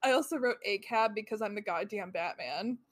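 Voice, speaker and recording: A woman's voice: mid-range voice, animated, brisk. Wry woman reading out her notes. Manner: reads out her own notes, wry and amused. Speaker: podcast co-host. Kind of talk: casual chat.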